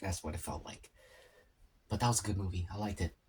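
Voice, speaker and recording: A man talks casually to the camera while eating, letting his thoughts wander from one point to the next. His voice sits low. A faint hiss runs under the recording. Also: a little mellow. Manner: rambling, musing aloud with pauses. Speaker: mukbang vlogger. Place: home, at a table eating.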